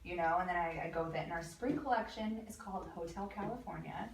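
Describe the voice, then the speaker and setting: Lowish-voiced woman, animated guest storyteller, recorded off-mic in an echoey room. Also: fast talker. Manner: animated storyteller, laughs often. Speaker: guest, lingerie designer. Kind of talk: casual chat. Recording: echoey room, mic at a distance, faint noise.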